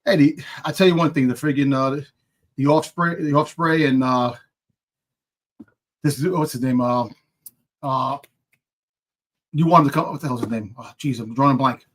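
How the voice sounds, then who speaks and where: A man's voice: medium pitch, normal speed, pauses often. A man co-hosting a live wrestling chat, rambling and hesitant, often searching for words. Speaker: podcast co-host. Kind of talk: casual live-stream chat.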